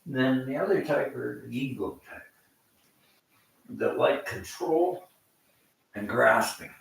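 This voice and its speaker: An older man from Canada telling rambling personal stories, animated, acting out the people he quotes. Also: mid-range voice, slow, creaky, roomy sound, low-quality recording. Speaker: vlogger.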